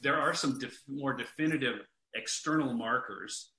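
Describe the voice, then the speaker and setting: Earnest man on a podcast, bright voice. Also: mid-range voice, normal speed, reverberant, rough recording. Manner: earnest, restarts often, amused when telling stories. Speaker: guest, parenting author. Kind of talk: conversational podcast talk.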